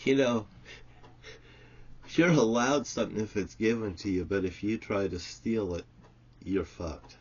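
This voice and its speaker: Angry, husky man on a profane rant. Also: unhurried, long pauses, dull audio. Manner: shouting curses, swinging from loud outbursts to low muttered storytelling. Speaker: self-styled prophet ranting to camera.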